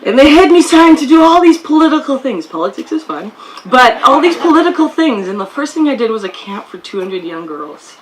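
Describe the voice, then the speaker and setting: A woman's voice: sits high, very animated, a little fast, a crowd in the background, poor audio. A woman from Canada giving a heartfelt, storytelling speech at an outdoor field ceremony. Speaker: guest speaker.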